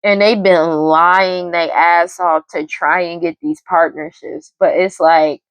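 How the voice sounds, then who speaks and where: A woman's voice: on the low side, steady tone, slow pace, no room sound, rough recording. A woman giving a casual tarot reading to camera, blunt and slangy, often laughing and swearing. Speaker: tarot reader.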